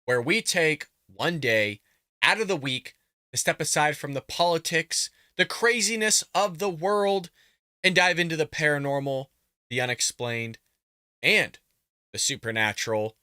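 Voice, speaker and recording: A man hosting a casual reaction video, jokey and animated, swinging between loud outbursts and low mutters. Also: unhurried, clean tone, dry recording, clean studio sound.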